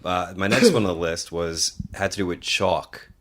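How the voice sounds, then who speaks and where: A man's voice: low voice, little pitch movement, normal speed, a bit bright. A man co-hosting a podcast in laid-back casual chat, chuckling at times. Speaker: podcast co-host.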